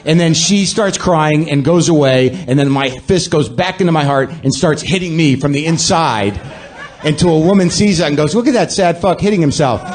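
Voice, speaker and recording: A man's voice: a little high, moderate pace. A man with a slightly raised voice rants through a comic monologue. He is sardonic and self-deprecating, and he performs to a live audience. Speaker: podcast host.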